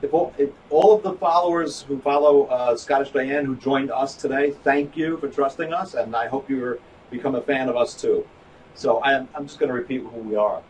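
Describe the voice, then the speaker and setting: A man's voice: mid-range voice, normal speed, a little mellow. A man, hosting a live broadcast, chatting in a rambling, joking way with restarts. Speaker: host, psychologist. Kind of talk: casual chat on a live broadcast. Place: office. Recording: from far off, faint noise.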